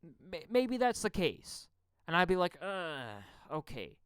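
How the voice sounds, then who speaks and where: A heated Canadian man rants into a close mic with a smooth, resonant voice set a little high. He swears freely and stumbles over repeated words. His volume lurches from loud bursts down to low mutters in a dry, dead room. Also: unhurried, no room sound. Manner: profane, stammering, repeats words when heated; shifts between loud outbursts and muttering. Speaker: podcast host. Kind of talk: angry political rant.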